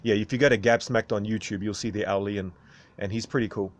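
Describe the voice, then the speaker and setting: A man's voice: on the low side, fairly even intonation, fairly quick. Rambling man talking to viewers. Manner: rambling, tags sentences with "right?". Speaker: video host. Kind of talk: casual monologue to viewers.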